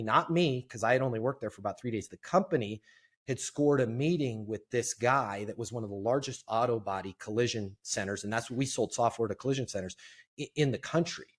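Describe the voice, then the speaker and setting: A middle-aged man and sales trainer telling a lively, self-deprecating story as a guest in an interview. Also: on the low side.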